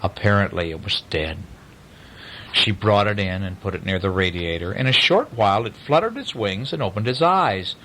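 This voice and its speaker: A man's voice: fairly low pitch, lively intonation, normal speed, pushed and bright, slight background noise, rough recording. A man reading a bedtime story aloud to a child, with coaxing asides to the listener.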